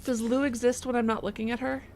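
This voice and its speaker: A woman's voice: a little high, flat delivery, fast, darkish tone, slight background noise. Giggly, jumpy woman streamer. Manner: chatty, giggly, easily startled, reads donations aloud. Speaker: game streamer. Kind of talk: casual live gameplay commentary.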